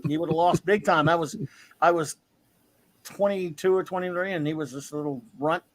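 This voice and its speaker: High-voiced blunt storytelling man in his fifties. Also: normal speed, dry recording, low-quality recording. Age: 50s. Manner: rambling, blunt storyteller with crude humor. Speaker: podcast host. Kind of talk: casual chat.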